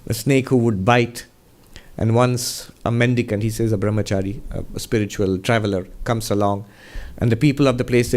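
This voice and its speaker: A man's voice: fairly low pitch, fairly even intonation, normal speed, darkish tone. A man, a monk answering audience questions, gives a spiritual talk and tells stories animatedly, often laughing.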